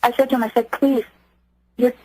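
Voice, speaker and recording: A woman's voice: a little high, flat delivery, fairly quick, a little mellow, slightly rough, poor audio. A woman from Germany, a guest on a radio interview, telling her story earnestly and acting out what others said. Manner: earnest, acts out quoted speech.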